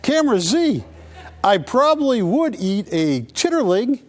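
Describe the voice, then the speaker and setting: A man hosting a live coin shopping broadcast, pitching coins with playful, joking salesman banter. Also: very animated, a little slow. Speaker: coin sales show host.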